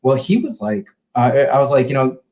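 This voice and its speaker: Relaxed rambling man, podcast guest. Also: medium pitch, brisk. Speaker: independent filmmaker guest. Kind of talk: casual interview chat.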